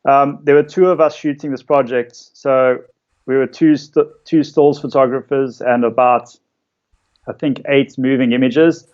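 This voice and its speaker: A man, a photographer casually telling stories about his shoots in a relaxed way, with lots of fillers. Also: mid-range voice, a little slow, lo-fi sound. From South Africa. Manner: relaxed storytelling with many fillers. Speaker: interviewed photographer. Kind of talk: casual conversation.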